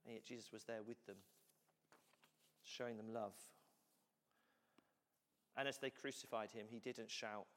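A man's voice: lowish voice, steady tone, measured pace, long pauses, a bit bright. A man pastor giving a conversational sermon to his congregation, often saying "you know" and "so cool". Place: church hall. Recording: long hall reverb.

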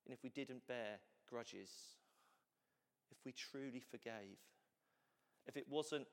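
A man's voice: mid-range voice, takes it slowly. A man pastor giving a conversational sermon to his congregation, often saying "you know" and "so cool". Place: church hall. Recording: long hall reverb.

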